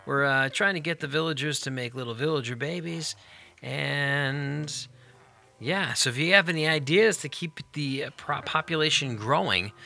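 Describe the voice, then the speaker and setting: A man's voice: a little high, creaky, pushed and bright. A man hosting a Let's Play, giving upbeat, chatty gameplay commentary and talking directly to viewers.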